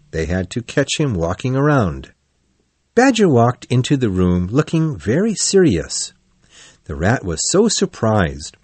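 A man narrating a children's story for learners in a clear, expressive way. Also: medium pitch, dry recording.

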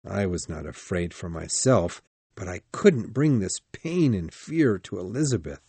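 A man's voice: low voice, lively intonation, a little slow, warm tone, breathy edge, no echo. A man narrating a first-person storybook in a dramatic, anxious reading style.

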